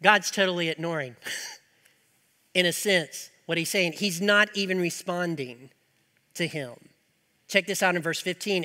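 A man preaching an earnest sermon, moving between emphatic and softer passages, in a reverberant hall. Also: high-pitched, measured pace, long pauses. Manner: earnest, rising to emphatic then dropping soft.

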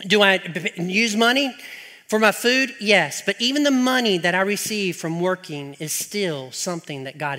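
A middle-aged male pastor preaching a sermon, given to animated, exasperated rants and strings of rhetorical questions. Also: high voice. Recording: long hall reverb.

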